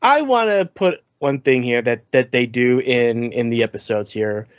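Man, podcast co-host, casual chat, animated, repeats words, dry dull sound. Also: medium pitch, normal speed, dry recording. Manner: animated, repeats words, laughs while mimicking.

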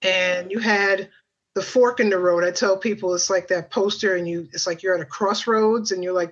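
A woman guest on a podcast recalls her story in a chatty, rambling way, full of fillers and asides. Her voice sits at a middling pitch. It comes through a slightly dull, lo-fi line. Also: moderate pace. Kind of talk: personal storytelling.

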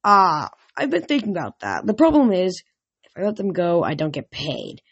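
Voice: medium pitch, wildly swooping pitch, normal speed, a bit bright, breathy edge, no echo, lo-fi sound, exaggerated voice. Reader voicing a cruel, smug male rancher who talks down to everyone. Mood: condescending. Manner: oily, condescending.

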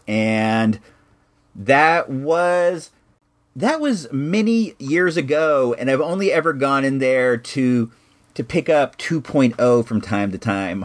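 A man's voice: medium pitch, measured pace. A middle-aged man hosting a podcast, telling a long casual story with frequent restarts and fillers.

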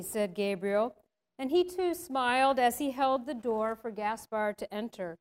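A woman narrating a storybook tale in a measured, gentle reading voice. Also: on the high side, lively intonation.

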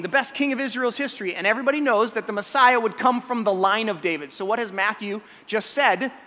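Guy preaching, high voice, keeps asking the crowd if they're tracking, long hall echo. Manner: energetic, conversational, checks in with the audience. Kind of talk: sermon teaching.

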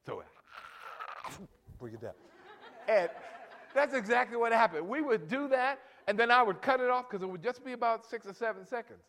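A man in his late sixties preaching a sermon, telling family stories and directing the band and congregation, his voice rising loud for emphasis. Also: extremely high pitch, very animated, normal speed, long pauses. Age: 60s. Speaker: pastor.

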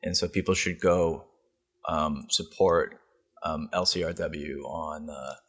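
A man's voice: rumbling low, fairly even intonation, slow, a bit bright, slightly rough. A man co-hosting a podcast, talking in a loose, rambling way and swearing casually. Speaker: podcast co-host.

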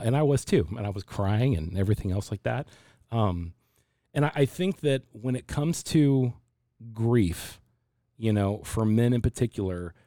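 A man in his forties talking about faith and grief in a reflective, halting way, often restarting his sentences. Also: on the low side, warm tone, dry recording, clean studio sound. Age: 40s. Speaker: pastor. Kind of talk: casual faith discussion.

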